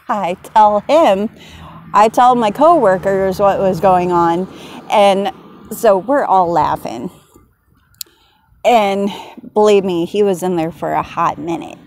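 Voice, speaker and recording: Slow, giggly woman telling a story. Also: mid-range voice, darkish tone, slight background noise. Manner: giggly, laughs often while telling. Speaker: vlogger. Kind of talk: casual storytelling.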